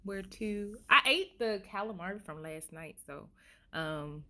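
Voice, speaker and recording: A woman's voice: sits low, expressive, a little slow, bright, forceful tone. A woman vlogger telling a funny story casually to the camera, laughing often, recorded on a handheld phone.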